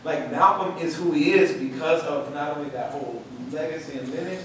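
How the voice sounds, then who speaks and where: Male storyteller, emphatic and animated, slightly raised pitch, distant mic with heavy room echo and faint noise. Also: a little fast. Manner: animated, emphatic, repeats words for stress. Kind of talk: passionate storytelling talk.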